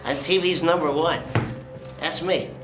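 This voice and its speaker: A man's voice: fairly high pitch, steady tone, a little slow, lightly acted. A man playing a washed-up TV prankster who sneers and mutters to himself. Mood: self-mocking. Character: bitter, washed-up male TV prankster. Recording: echoey room with music.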